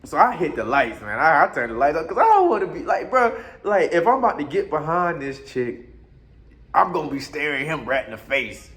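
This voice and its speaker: A man telling a crude, comic story in a casual, animated way. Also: on the high side, fairly quick. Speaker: podcast host telling a story.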